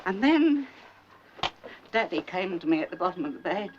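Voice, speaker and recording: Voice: medium pitch, sing-song, moderate pace, music in the background, close to an everyday voice. A performer in a 1970s film comedy playing a fussy, gossipy elderly mother who poses as a psychic, rambling and theatrical. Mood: fussing. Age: older. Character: nagging, overbearing elderly mother posing as a psychic. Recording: dull old film soundtrack with faint hiss.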